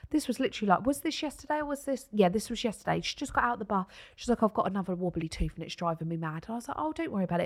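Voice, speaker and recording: A British woman co-hosting a podcast, telling a family story in casual chat and swearing freely. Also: a little high. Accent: British English. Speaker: podcast co-host.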